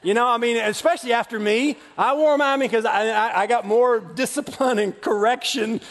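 Man in his forties preaching, high voice, chatty asides, echo from a big hall. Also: brisk, a bit bright. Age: 40s. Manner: chatty, self-deprecating, frequent restarts and asides. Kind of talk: conversational sermon storytelling. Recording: long reverb of a large hall.

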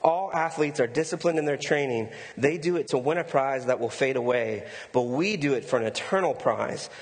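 A man's voice: medium pitch, normal speed, few pauses. Man preaching in a reverberant hall. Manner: conversational, repeats words for emphasis. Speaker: pastor. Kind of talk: sermon.

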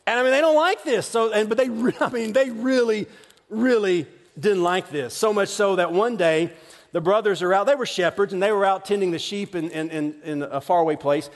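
Man in his forties preaching, high voice, chatty asides, echo from a big hall. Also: fairly quick. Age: 40s. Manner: chatty, self-deprecating, frequent restarts and asides. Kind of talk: conversational sermon storytelling. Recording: long reverb of a large hall.

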